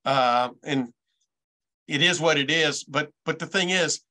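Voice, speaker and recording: A man's voice: on the high side, unhurried, sharp tone. A man in his sixties hosting a casual sports chat, folksy and rambling, stammering now and then as he frames his questions. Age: 60s. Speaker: host.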